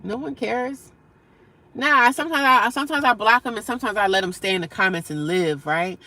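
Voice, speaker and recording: Gravelly, bright-voiced woman livestreamer. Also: a little high, brisk. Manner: blunt, profane, animated, laughs often. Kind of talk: livestream chat reading comments.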